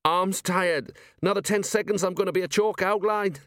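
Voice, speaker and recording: A man's voice: medium pitch, lively intonation, a little fast, a bit bright, no echo, studio quality, pitched above the performer's own voice, lightly acted. A man doing Colon, a whiny older sergeant. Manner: whiny, complaining. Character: anxious lazy older male police sergeant.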